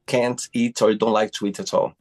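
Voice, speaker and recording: A man from Brazil hosting a casual interview over a video call, effusive and quick to exclaim. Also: on the low side, flat delivery, darkish tone, soft background music. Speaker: host.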